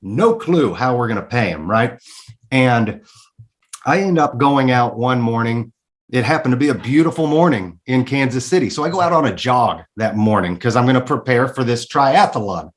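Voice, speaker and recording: A man in his thirties speaks at a middle pitch as an interview guest. He tells his story candidly and emphatically, swears freely, and repeats words when he gets worked up. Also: animated, normal speed.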